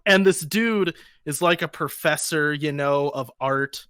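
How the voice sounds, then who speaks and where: High, bright-voiced man telling stories. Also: a little slow, smooth, no room sound. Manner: animated, storytelling. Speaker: podcast co-host. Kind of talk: casual storytelling.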